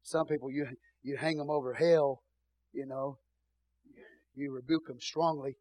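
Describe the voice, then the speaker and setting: A middle-aged male pastor with a Texan accent preaching a sermon, swinging between booming shouts and soft murmurs. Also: steady tone, measured pace, no room sound, poor audio.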